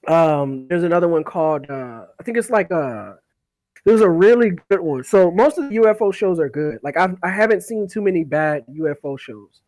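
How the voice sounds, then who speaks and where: A man talks casually on a podcast, his voice sitting a little higher than most. He rambles, repeats words as he goes and breaks into laughs. The sound is dry, close and free of room echo. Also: lively intonation, moderate pace, darkish tone. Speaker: podcast host. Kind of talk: casual chat.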